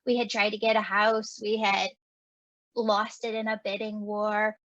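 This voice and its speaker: Acting out quoted dialogue with laughs, a woman who hosts a podcast and works as a medium tells a story in an animated, casual chat. Her medium-pitched voice is a little slow, in a dry recording with the highs cut off.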